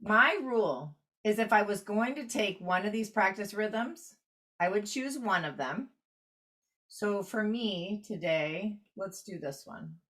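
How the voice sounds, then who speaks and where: A woman's voice: mid-range voice, lively intonation, takes it slowly, fairly bright tone. A woman teaching a clarinet workshop online, explaining practice rhythms step by step while annotating sheet music. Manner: explanatory, walks through steps while annotating.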